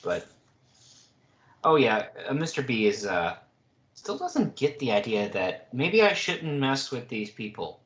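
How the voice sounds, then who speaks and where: A man's voice: medium pitch, sing-song, measured pace, a bit bright, echoey room. A man co-hosting a casual book podcast, recapping chapter events with wry asides. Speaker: podcast co-host.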